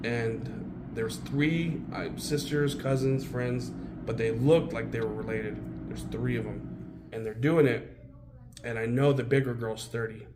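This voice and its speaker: A man's voice: mid-range voice, darkish tone, slight background noise. Blunt, heavy-swearing man telling his story. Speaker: interview guest. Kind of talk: candid personal storytelling.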